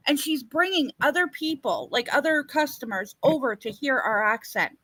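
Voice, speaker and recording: A woman with a Canadian accent, co-hosting a live stream and telling a rambling story, often pausing on "what do you call it". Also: high voice, fairly bright tone, no echo, low-quality recording. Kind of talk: casual storytelling chat.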